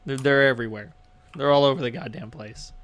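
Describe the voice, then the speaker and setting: A man's voice: mid-range voice, fairly even intonation, a little fast, fairly bright tone, no echo. A man narrating as game master in a casual, joking manner, often stumbling over his words.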